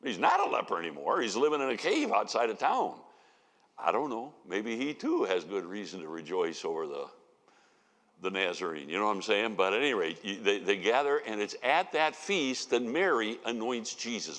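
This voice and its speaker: Lowish guy preaching in a church, swoops up and down a lot, big hall reverb. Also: a little fast. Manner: animated storytelling with folksy asides. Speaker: Bible teacher. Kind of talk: conversational sermon teaching. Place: church sanctuary.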